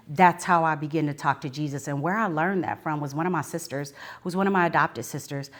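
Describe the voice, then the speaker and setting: A woman sharing a personal testimony live at a book signing, talking earnestly and straight to her audience, sometimes rising into fervent preaching. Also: low-pitched. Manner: earnest, addresses the audience directly.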